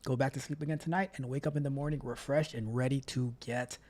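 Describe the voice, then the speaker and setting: A man's voice: medium pitch, fairly even intonation, fast, darkish tone. A man hosting a live stream, chatting casually, reading out chat messages and repeating himself as he talks. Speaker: livestream host.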